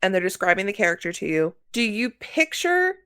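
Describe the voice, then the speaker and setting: A woman's voice: mid-range voice, sing-song, brisk, pushed and bright, clean tone. A young woman co-hosting a podcast in casual chat, steering the conversation with questions. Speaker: podcast co-host.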